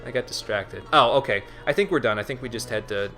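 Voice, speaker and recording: Chatty bright-voiced male streamer. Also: mid-range voice, fast talker, soft background music. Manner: chatty, responds to chat, repeats words. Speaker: livestream host. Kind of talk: casual gaming livestream chat.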